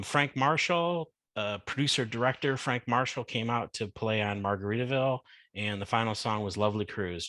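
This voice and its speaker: A man's voice: lowish voice, sharp tone, no echo. A male podcast host giving a chatty, casual recap with many fillers.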